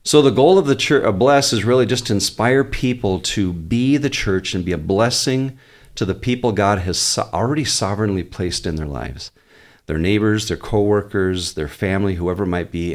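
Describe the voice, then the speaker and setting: A male pastor with a notably low voice, talking in a relaxed podcast interview. He thinks aloud and circles back to restart his points. He keeps an earnest, conversational tone and lets some easy humor in. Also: normal speed, hardly any pauses. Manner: earnest, explains at length with frequent restarts.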